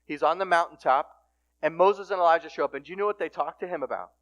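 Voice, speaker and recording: A middle-aged man giving a casual, animated sermon at a recovery ministry, swinging from hushed asides to loud emphatic points. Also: fairly high pitch, quick pace, muffled recording. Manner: casual conversational phrasing with restarts.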